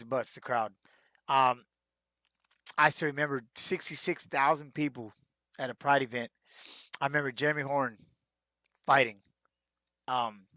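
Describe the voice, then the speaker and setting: A middle-aged former fighter fields fan questions in a loose, conversational stream. His voice sits a little high for a man, and he livens his stories by acting out shouted lines. The sound is dry and close, with almost no room. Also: no room sound. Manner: animated storyteller who acts out shouted quotes, peppered with "man". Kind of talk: casual live-stream Q&A.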